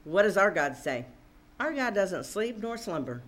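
A woman's voice: mid-range voice, big pitch swings, moderate pace. A woman preaching a sermon, reading scripture aloud and commenting with rising emphasis.

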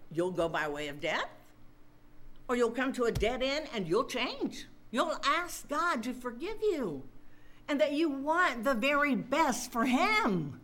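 Animated, bright-voiced woman preaching. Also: fairly high pitch. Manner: drawn-out, emphatic preaching with asides to listeners. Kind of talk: sermon.

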